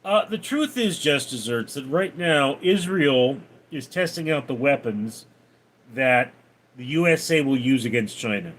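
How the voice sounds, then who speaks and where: Man, livestreamer, reads chat aloud, unhurried, lively up-and-down pitch, answers offhand. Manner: reads viewer names and comments aloud, then replies offhand. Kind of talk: reading out and answering live chat.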